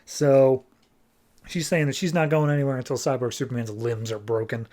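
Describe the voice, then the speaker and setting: A man's voice: medium pitch, steady tone, normal speed, mellow. A man hosting a podcast, recapping a comic book story in a casual, jokey way with plenty of fillers. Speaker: podcast host.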